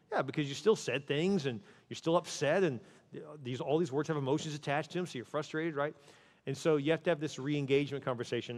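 Man preaching in a big hall. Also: fairly high pitch. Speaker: pastor. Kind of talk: sermon.

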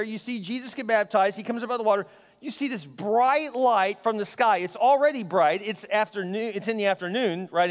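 A middle-aged male pastor giving a lively, conversational sermon and joking with the congregation. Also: sits high. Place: large church hall. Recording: long hall reverb.

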